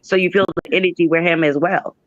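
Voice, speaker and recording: A man's voice: fairly high pitch, steady tone, fast, a bit bright, dry recording. Earnest man on dull lo-fi call. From New Jersey. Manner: earnest, spiritual, wandering phrasing. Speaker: live-stream guest. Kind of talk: casual live-stream chat.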